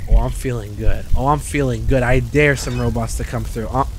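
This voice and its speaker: A young man streaming a video game, swearing and joking excitably as he plays. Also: mid-range voice, a little fast, noisy background. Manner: profane, excitable, jokey. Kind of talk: gaming commentary. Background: game music.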